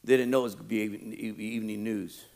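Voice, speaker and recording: A male pastor preaching a sermon, animated, often acting out quoted churchgoers. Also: fairly low pitch, quick pace.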